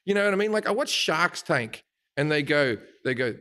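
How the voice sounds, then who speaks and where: Guesting on a podcast, this middle-aged Australian comedian rants comically, swearing, staying animated, and doing mocking impressions. He talks at a moderate pace in a clear, resonant voice that sits on the high side.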